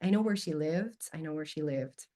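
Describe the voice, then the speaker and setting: A woman in a podcast conversation, telling a personal story with lively expression and candor. Her voice sits somewhat low, and she talks casually, dropping the occasional curse word. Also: normal speed. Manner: animated, expressive anecdote-telling with casual swearing; candid, openly emotional. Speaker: podcast guest.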